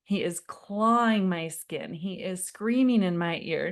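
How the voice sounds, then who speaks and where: A woman parenting coach in her thirties leads a live online workshop in a slightly low voice. She speaks frankly and confidingly, calls her listeners friend, and shares her own mistakes. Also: unhurried. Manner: warm, confiding storyteller who addresses viewers as friend; acts out her own past pleading in quoted lines.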